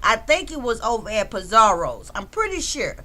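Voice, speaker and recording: Chatty high-voiced woman streamer. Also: big pitch swings, normal speed. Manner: chatty, shouts out chat members, swears freely. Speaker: livestream commentary host. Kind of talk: casual livestream commentary.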